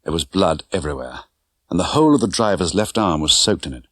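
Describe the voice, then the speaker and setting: A man narrating an audiobook with an expressive, dramatic reading. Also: sits low, fast talker, breathy edge, no echo. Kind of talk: scripted narration. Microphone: close studio mic.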